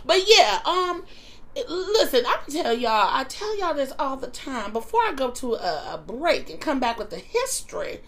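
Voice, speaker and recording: A woman with a high, bright voice hosts a relaxed podcast chat. She talks frankly and swears freely, telling stories with plenty of energy. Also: normal speed. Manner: candid, profane, lively storytelling. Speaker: podcast host. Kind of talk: casual chat.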